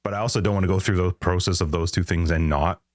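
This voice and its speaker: A man co-hosting a podcast, musing aloud in relaxed casual chat. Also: low voice, quick pace, no echo, studio quality. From Canada. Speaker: podcast co-host.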